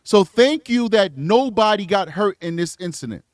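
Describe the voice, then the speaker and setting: A man's voice: high voice, lively intonation, moderate pace. A man giving blunt, emphatic commentary on a true crime video, talking back to the clips he plays. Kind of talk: casual reaction commentary.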